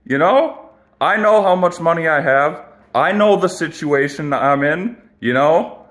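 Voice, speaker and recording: Young adult male, slightly high-pitched, rambling profane rant to camera. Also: animated, unhurried, a bit bright.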